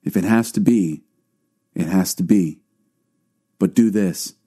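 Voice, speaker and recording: A man's voice: sits low, takes it slowly, warm tone, slightly rough, heavily acted. A man reading a grieving old father. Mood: sorrowful. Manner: mournful, pleading. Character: grieving aged father, stubborn and fearful.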